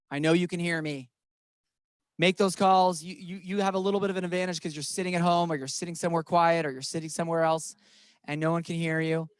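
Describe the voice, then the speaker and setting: A man leading a real estate training session, coaching his audience with energetic, motivational urging. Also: high voice, smooth, dry recording, studio quality. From grew up on a cattle ranch. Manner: energetic, pep-talk coaching.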